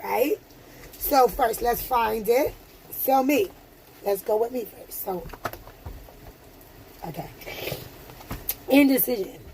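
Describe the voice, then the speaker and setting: Woman doing a chill card reading, aave, kinda high voice, faint room hum behind. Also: slow, gravelly, pauses often, a little mellow, rough recording. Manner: soothing, affirming, laughs often. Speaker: tarot reader. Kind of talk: casual spiritual card reading.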